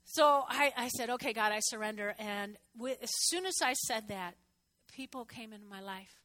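A woman pastor in her sixties preaching a chatty, animated sermon with asides to the congregation. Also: on the high side, fairly quick.

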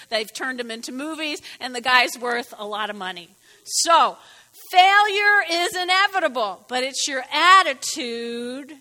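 A woman preaching a sermon, playful and animated, repeating her points for emphasis. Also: sits high, in a large hall.

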